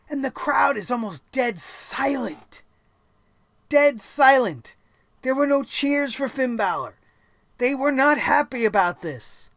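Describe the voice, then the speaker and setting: A host recapping a wrestling show in a casual, opinionated way, telling the matches dramatically with emphatic pauses and swearing freely. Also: mid-range voice, no echo. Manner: excitable, profane and opinionated.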